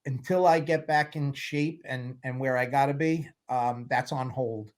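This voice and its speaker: A man's voice: medium pitch, unhurried. A man in his sixties, a film producer as a guest, talking in a candid, rambling way and telling stories with wry humor. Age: 60s. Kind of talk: casual interview chat.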